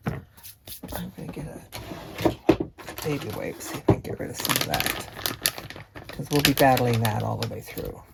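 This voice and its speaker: A woman's voice: rumbling low, measured pace, vocal fry, pauses often, very noisy. A woman craft vlogger chatting casually as she works, often murmuring to herself and dropping into a whisper.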